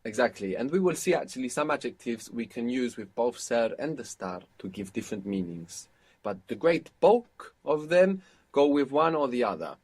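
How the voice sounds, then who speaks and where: A man with a slightly husky voice gives a spoken language lesson. He explains points patiently and prompts his learner to answer and repeat. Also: mid-range voice, sing-song, normal speed, a little mellow. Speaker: language teacher.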